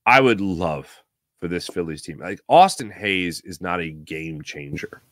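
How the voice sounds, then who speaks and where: A man hosting a live morning sports talk show, giving opinionated, rambling takes with sudden animated bursts. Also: sits low, a little slow, dry recording, studio quality. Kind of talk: solo sports radio monologue.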